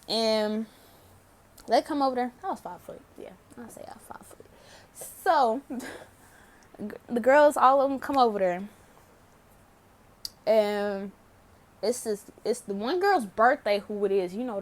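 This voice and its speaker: A woman's voice: a little high, unhurried, long pauses. Chatty young woman telling a story. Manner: chatty, laughs often, swears freely, animated retelling. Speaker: vlogger. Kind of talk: casual storytelling.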